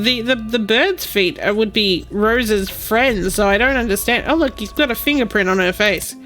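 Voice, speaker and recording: A woman's voice: medium pitch, normal speed, hardly any pauses, a bit bright, soft background music. A woman streaming a game and chatting casually to herself and her cat. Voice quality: cooing, baby-talk to her cat.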